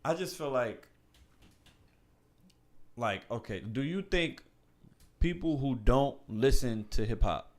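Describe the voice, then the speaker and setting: A man's voice: mid-range voice, expressive, slow, pauses often. Insistent man arguing on a podcast. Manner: pushes back, insistent. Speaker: podcast co-host. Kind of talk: casual debate chat.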